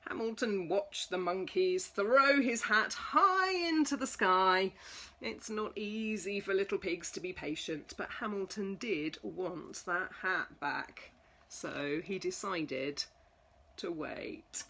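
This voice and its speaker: A woman reading a children's storybook aloud, slow and expressive. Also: medium pitch, creaky, a little hiss or hum. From England.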